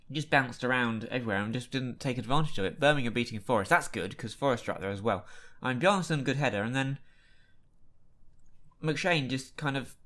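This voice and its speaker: Man, casual game commentary, medium pitch, chatty, reacts with exasperated outbursts. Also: a bit bright. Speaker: gaming YouTuber. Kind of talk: casual Let's Play commentary.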